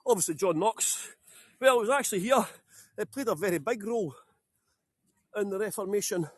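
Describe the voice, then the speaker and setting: A man's voice: high voice, moderate pace, breathy edge, no room sound. A Scottish man guiding a live-streamed walking tour outdoors, chatty and jokey, greeting viewers by name. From Scotland. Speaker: tour guide. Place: outdoors on town streets.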